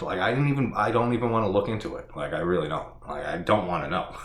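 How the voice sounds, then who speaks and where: A man's voice: sits low, animated, moderate pace, hardly any pauses. Exasperated man ranting in an echoey room. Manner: exasperated, laughing, profane, filler-heavy. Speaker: horror movie reviewer. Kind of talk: casual spoken review.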